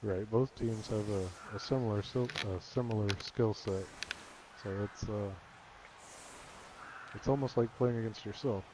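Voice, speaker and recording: A man giving color commentary on an online match, relaxed and agreeable, mostly brief replies. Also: lowish voice, measured pace, long pauses, background noise. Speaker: co-announcer.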